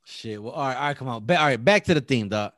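A man's voice: medium pitch, expressive, fast talker, a bit bright, dry recording. Profane, tipsy man in loose banter. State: tipsy from drinking. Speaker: podcast host. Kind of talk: casual chat.

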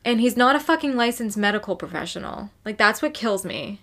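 A woman's voice: medium pitch, lively intonation, fairly quick, fairly bright tone. A woman co-hosting a casual true crime podcast, telling the story in a loose, swearing, chatty way.

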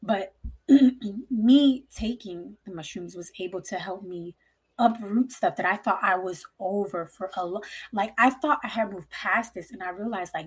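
Young woman, husky voice, casual rambling storytelling, mom, swears a lot. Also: mid-range voice, normal speed. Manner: rambling, frequent "like", swears freely. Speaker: mother.

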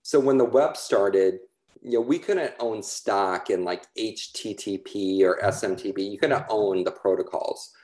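Low, mellow-voiced asset manager, explaining steadily, echoey room. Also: male voice, a little slow. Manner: steady explaining with many fillers. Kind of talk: explanatory talk on a call.

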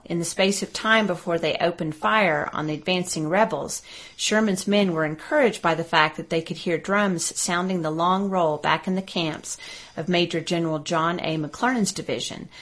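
A woman from Arkansas reading scripted historical narration in a steady, even storytelling manner. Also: fairly low pitch, moderate pace.

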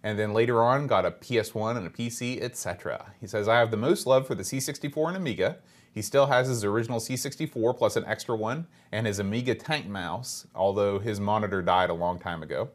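A man's voice: on the low side, fairly quick. A man co-hosting a podcast, chatting casually and reading listener emails aloud with easy filler words. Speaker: podcast co-host.

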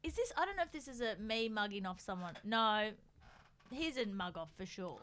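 A woman's voice: medium pitch, normal speed, slight background noise. A woman, a comedian guest telling stories in casual podcast chat, laughing often. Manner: laughs often, animated storytelling.

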